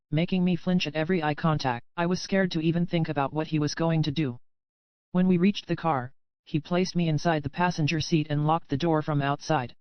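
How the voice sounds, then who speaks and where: A man narrating a dark romance audiobook in the first person, reading in an even, unhurried way. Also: fairly high pitch, clear, resonant tone, no echo, highs cut off.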